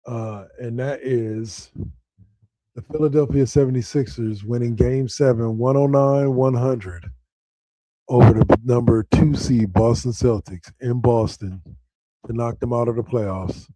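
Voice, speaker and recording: Man with a mellow, dry voice. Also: medium pitch, measured pace, no echo. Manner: animated, rambling, excitable with frequent restarts. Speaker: podcast host. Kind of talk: casual sports podcast talk.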